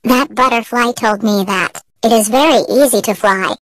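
A squeaky, childlike little boy piglet, meek and apologetic, played by a woman. He sounds small and eager to please in this storybook reading. The sound is dry and close, with no room around it. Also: normal speed, dry recording, lightly acted, low-quality recording. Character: small young male piglet, sorry and meek.

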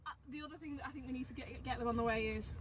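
An English woman in a car, casually chatting and chipping in quick corrections. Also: high voice, over a noisy crowd. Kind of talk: casual chat. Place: inside a car. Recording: distant voice with loud road noise.

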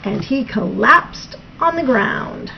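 A woman reading a picture book aloud to a child in an expressive storytelling manner, on a dull lo-fi recording. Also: a little high, slow, vocal fry, a little hiss or hum.

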